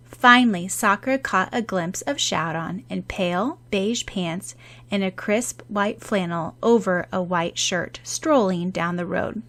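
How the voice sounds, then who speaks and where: A woman narrating a fan-fiction audiobook in an even, steady storytelling way. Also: medium pitch, measured pace.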